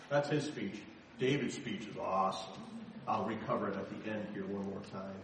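A man preaching a sermon, dramatically reading scripture and then talking in a chatty, animated way. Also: high voice, slight background noise. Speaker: pastor. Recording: echoey hall, distant mic.

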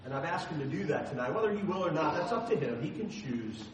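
A man preaching a sermon as pastor in a church, swinging between loud emphatic lines and soft asides. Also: fairly high pitch, expressive, fast talker, recorded from a distance, slight background noise. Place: church sanctuary. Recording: very echoey hall, voice from afar.

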